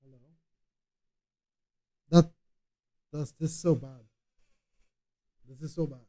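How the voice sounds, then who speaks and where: A man's voice: on the high side, steady tone, slow, warm tone. A streamer talking casually to himself while he tests his audio, muttering, repeating himself and swearing offhandedly. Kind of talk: casual talk to self while testing audio.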